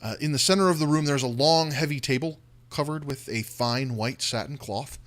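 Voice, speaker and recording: A man's voice: medium pitch, moderate pace, a bit bright. A man running a tabletop role-playing game as dungeon master, narrating scenes in vivid detail with frequent "uh" and "um" fillers.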